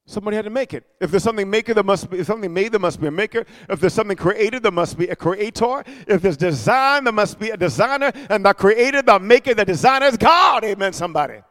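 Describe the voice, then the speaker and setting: A man preaching a sermon, calling for responses from the congregation and punching key words loudly. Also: high voice, in a large hall. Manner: call-and-response, loud bursts on key words.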